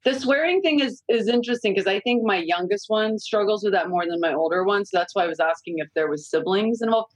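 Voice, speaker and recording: Brief: woman, forties, blunt and candid podcast guest who swears freely, mid-pitched voice, dry close mic. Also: fast, few pauses, dry recording, rough recording. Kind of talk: casual podcast chat.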